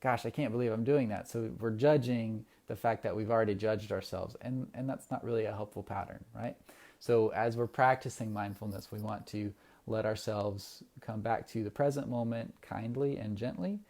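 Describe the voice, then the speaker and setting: Male mindfulness instructor, low mellow voice, gentle and unhurried, casual with filler words. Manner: relaxed, gentle, many ums and restarts. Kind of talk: casual livestream meditation guidance.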